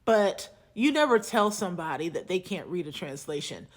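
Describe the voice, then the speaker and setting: A woman's voice: on the low side, very animated. A woman who teaches at a seminary, telling a classroom story in a casual, teacherly way while doing her makeup. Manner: deliberate, teacherly retelling of a class exchange. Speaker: seminary professor.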